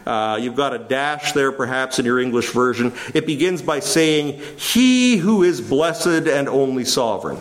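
A male pastor preaching a sermon, reading scripture with slowed emphasis and asking the congregation questions. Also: fairly high pitch. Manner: lively, varied delivery with slowed emphasis on scripture.

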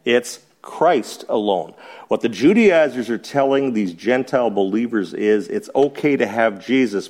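A man's voice: lowish voice, a little mellow. A man teaching a Bible study to a small group in a church, chuckling often and asking rhetorical questions and then answering them.

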